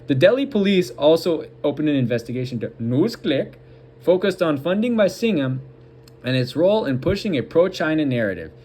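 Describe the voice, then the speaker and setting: A man hosting a political commentary show, reading an article aloud with halting restarts and breaking off for mocking asides. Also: fairly high pitch, big pitch swings, a little mellow, a little hiss or hum.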